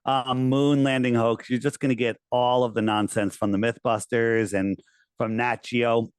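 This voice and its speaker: A man guest in a casual talk-show conversation, talking in an insistent, animated way. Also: mid-range voice, normal speed, clear, resonant tone, no room sound, studio quality. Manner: animated, insistent, uses mocking put-on quotes.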